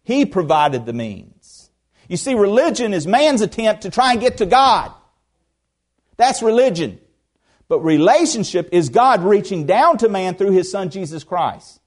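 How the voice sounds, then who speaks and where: A man preaching an expository sermon, earnest, with emphatic rises, soft drops, conversational asides and rhetorical questions to the congregation. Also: high voice, animated, moderate pace. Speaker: pastor.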